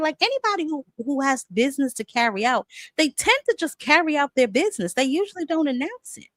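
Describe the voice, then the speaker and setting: A woman's voice: sits high, very animated, fast, a bit bright, no echo, rough recording. A woman hosting a boxing talk show in a casual live-stream chat, sassy and chatty, calling viewers "honey" and "child" and greeting them by name.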